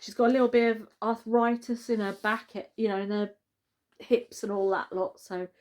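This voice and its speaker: A woman's voice: on the high side, steady tone, normal speed, darkish tone. Chatty woman rambling about her reading. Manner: chatty, rambling, corrects herself mid-sentence. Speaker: book vlogger. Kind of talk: casual chat to camera.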